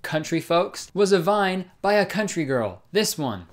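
A young man giving comic commentary in an excitable, sarcastic way, swearing often. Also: high-pitched, unhurried, slight background noise. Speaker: comedy YouTuber. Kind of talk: comedic commentary.

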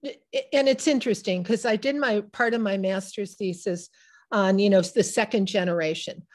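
A woman in her sixties, an author being interviewed, telling personal family stories in a halting, emotional way with many restarts. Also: medium pitch, a little mellow. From Midwest United States. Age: 60s. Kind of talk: reflective personal storytelling.

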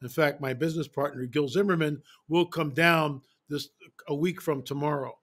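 Speaking at a moderate pace with a slightly high voice, this male interview guest tells stories in a casual style. He's animated and emphatic, often repeating phrases.

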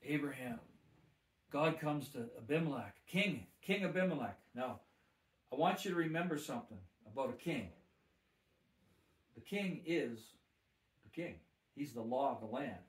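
A guest minister, a man with a mid-range, expressive voice, tells his testimony at an unhurried pace with long pauses in a roomy-sounding space. He preaches emphatically, repeating phrases with rising force.

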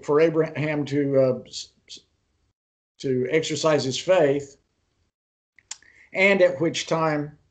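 Man, somewhat high voice, Bible teacher, online lecture, unhurried retelling, restarts sentences, asks the class questions. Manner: unhurried storytelling, pauses and restarts mid-sentence.

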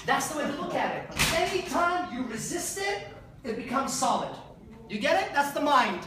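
A man speaking at a conference, animated and profane, acting out little scenes for the crowd. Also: very high voice, normal speed, noisy background. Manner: profane, animated, acts out voices. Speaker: seminar speaker. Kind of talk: conference talk. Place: large conference hall. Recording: echoey hall from far off.

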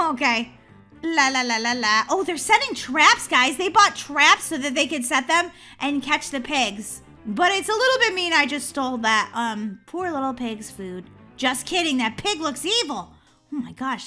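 High, bright-voiced excitable woman gamer. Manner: excitable, chatty, squeals when chased. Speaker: gaming channel host. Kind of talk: playing a video game with commentary.

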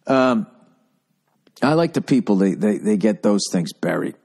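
A man's voice: fairly low pitch, animated, unhurried, creaky, darkish tone, husky. A man hosting a podcast who delivers a comedic monologue rant in a profane, rambling, sarcastic way. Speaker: podcast host.

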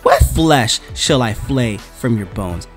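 A man's voice: medium pitch, animated, slow, faint music behind. A man voicing a proud, savage male Viking warrior who boasts and threatens. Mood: menacing.

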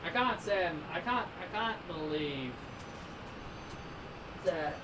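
An exasperated man talks slowly through his video game, repeating himself as he pleads with it and scolds it. His voice sits at an ordinary middle pitch. He is picked up from a little way off the microphone, with a faint hiss of noise behind him. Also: lively intonation. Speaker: let's play gamer. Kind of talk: casual game commentary. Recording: distant mic with faint background noise.

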